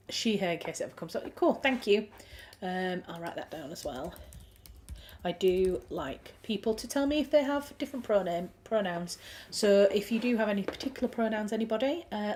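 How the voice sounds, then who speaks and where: A woman with a Yorkshire accent hosting a writing livestream, chatting casually and reading out viewer comments with frequent ums and restarts. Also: medium pitch. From Yorkshire, England. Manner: chatty, friendly, thinks aloud with many ums and restarts. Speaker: livestream host.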